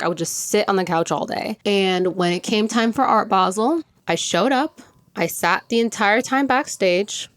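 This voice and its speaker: A young woman chats on her podcast in a loose, rambling way, full of "like"s and easy laughter. Her voice sits a touch low, and she still sounds a bit worn from a recent illness. The sound is close and dry, with no room around it. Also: dry recording. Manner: chatty, lots of "like", laughs often. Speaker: podcast host. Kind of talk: casual chat.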